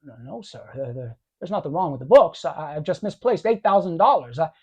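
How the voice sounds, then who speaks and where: A man's voice: fairly high pitch, expressive, fairly quick, slightly rough. A man doing an impression of a desperate young man who stammers and repeats himself while begging for help, in a dull, muffled recording. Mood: pleading. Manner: stammering, pleading, repeats words. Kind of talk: voice impression of a film scene.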